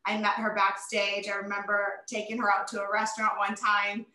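A woman in her forties, a retired wrestler, telling stories in a casual interview in an animated, emotional way with many fillers. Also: medium pitch, normal speed, roomy sound, rough recording.

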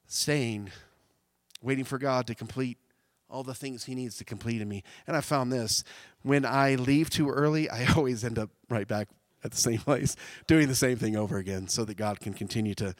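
A man preaching a sermon, animated, swinging from loud shouts down to quiet, intimate tones. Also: medium pitch, normal speed, dry recording.

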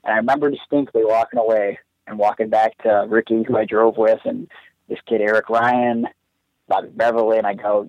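A young man with a lowish voice tells a heartfelt story at length, circling back on himself with lots of "like" and "you know." The sound is dull and lo-fi, with a dry, close quality and no room around it. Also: steady tone, a little fast, a little mellow, no echo. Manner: earnest, rambling, heavy use of "like". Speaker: guest wrestler. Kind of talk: casual storytelling.

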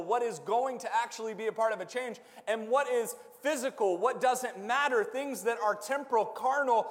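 A high-pitched man preaches in a church, his voice ringing through a long, echoing hall. He quizzes the congregation in call-and-response and swells into shouts at the peaks. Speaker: pastor. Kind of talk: sermon.

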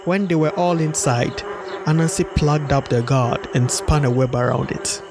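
Slightly high-voiced male storyteller. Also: normal speed, noisy background. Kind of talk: storybook read-aloud.

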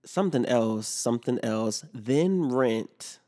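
A man's voice: mid-range voice, expressive, slow, warm tone. A young man hosting a podcast, telling a story in a casual, profane rant and acting out both sides of each conversation. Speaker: podcast host.

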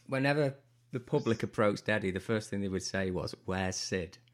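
A man's voice: on the low side, expressive, moderate pace. A man co-hosting a podcast, telling dry anecdotes in casual chat. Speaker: podcast co-host.

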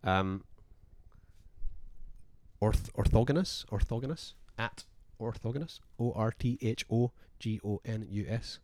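A man's voice: lowish voice, a little slow, darkish tone, no room sound. A man co-hosting a podcast in casual, rambling chat full of fillers and restarts. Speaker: podcast co-host.

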